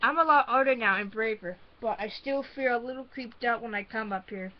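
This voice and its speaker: A woman reading a spooky children's book aloud in first person, halting and restarting often. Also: on the high side, muffled recording, a little hiss or hum. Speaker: storybook reader.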